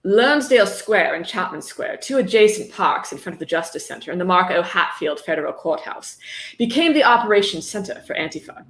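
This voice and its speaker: A woman reading aloud in a deliberately hammy put-on British accent. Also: lowish voice, expressive, a bit bright. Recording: roomy echo.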